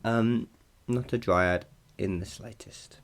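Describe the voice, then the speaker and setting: A man's voice: on the low side, steady tone, takes it slowly. A man hosting a casual solo podcast, chatty and rambling, laughing often and poking fun at himself. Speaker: podcast host.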